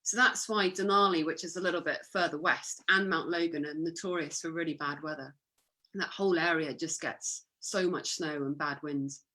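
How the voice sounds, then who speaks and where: A woman's voice: low-pitched, fairly even intonation, moderate pace, bright, forceful tone. A woman giving an illustrated talk with slides, chatty and upbeat, with fillers. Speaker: guest speaker.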